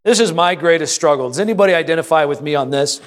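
Male pastor preaching a sermon, fairly high-pitched, calls out to the congregation for responses. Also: fast talker. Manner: reads scripture aloud and acts out an anxious prayer.

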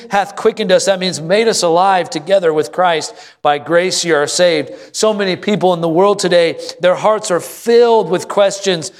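A man preaching a sermon from the pulpit, his voice pitched high and building to loud, fervent exclamations. He calls on the congregation to answer and respond. The sound rings with a long reverb from the church hall. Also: normal speed. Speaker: pastor. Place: church sanctuary.

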